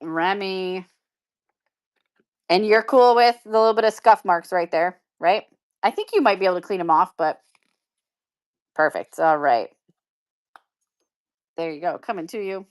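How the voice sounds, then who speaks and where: A woman's voice: lowish voice, a little slow, pauses often. A woman hosting a live-stream pin auction, chatting casually and upbeat with viewers and laughing often. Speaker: live shopping seller.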